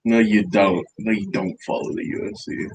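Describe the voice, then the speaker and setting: A man's voice: lowish voice, fairly even intonation, normal speed, darkish tone, a little hiss or hum. A man co-hosting a podcast, trading crude, profane jokes and teasing his friend in casual banter. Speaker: podcast co-host.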